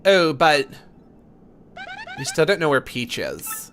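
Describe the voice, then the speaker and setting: A man's voice: on the high side, very animated, takes it slowly, bright, forceful tone. A man hosting a let's play, making joking, chatty asides about the game. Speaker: host.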